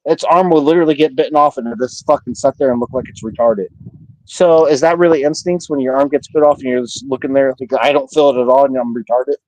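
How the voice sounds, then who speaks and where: A man's voice: mid-range voice, quick pace, a little mellow, no echo, rough recording. A man chatting casually on a livestream panel, boisterous and profane, bragging and joking.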